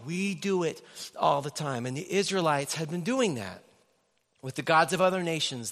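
High-voiced man preaching in a reverberant hall. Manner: animated storytelling with acted inner voices. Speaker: pastor. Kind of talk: sermon. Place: church. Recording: long reverb of a church hall.

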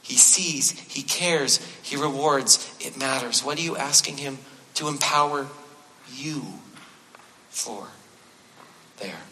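A man's voice: medium pitch, slow pace, pauses often, bright, forceful tone, a little hiss or hum. A man preaching a sermon as a pastor, speaking conversationally with touches of self-deprecating humor and repeating his key phrases for emphasis. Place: church sanctuary. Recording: long reverb of a large hall.

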